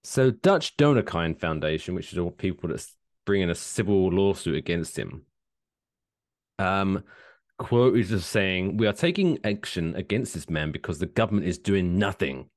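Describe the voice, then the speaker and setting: Low-voiced guy on a podcast, jokey, swings his pitch way up when he gets into a story. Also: normal speed. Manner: lively, jokey, reads news out loud with big pitch swings. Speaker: podcast co-host. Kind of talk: casual chat.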